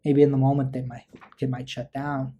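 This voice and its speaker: A man's voice: mid-range voice, level tone, fairly quick, mellow, a little hiss or hum. A man casually teaching a parenting skills workshop, acting out short parent lines as examples. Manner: conversational, acts out parent lines with small asides. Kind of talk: relaxed instructional talk.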